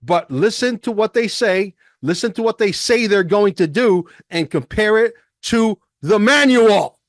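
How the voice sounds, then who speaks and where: A man's voice: sits high, expressive, measured pace, dry recording, studio quality. A man hosting a podcast, ranting emphatically with rhetorical questions and profanity as he comments on a clip. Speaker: podcast host.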